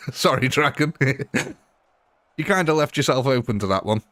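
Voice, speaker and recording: Hosting a live gaming stream, this man is blunt and jokey and laughs a lot in his casual commentary. He speaks a little slowly in an expressive, fairly bright mid-range voice, recorded with no room sound.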